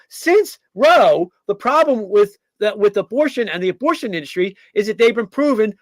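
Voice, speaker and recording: A man with a high voice holds forth in an opinionated political monologue, stumbling through ums and false starts as he goes. The sound is dry and close, with no room around it. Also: no room sound. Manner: rambling, many fillers and restarts; acts out quoted figures in mock voices. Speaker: podcast host.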